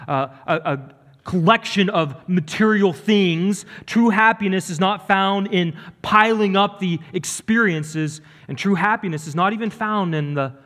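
A man's voice: high-pitched, fairly bright tone. A man preaching a sermon as pastor, earnest and emphatic, building and dropping his delivery. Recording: reverberant church hall.

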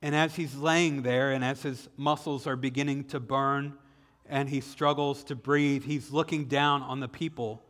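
Bright-voiced Southern pastor in an echoing hall. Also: male voice, mid-range voice, fairly even intonation. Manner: dramatic retelling, slowing for emphasis. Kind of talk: sermon. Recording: echoey hall with long reverb.

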